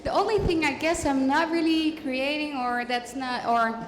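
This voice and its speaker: A woman's voice: high voice, moderate pace. A woman in the audience asking a question at a seminar, hesitant, with many "um"s and trailing sentences. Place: large event hall. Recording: roomy echo with long hall reverb.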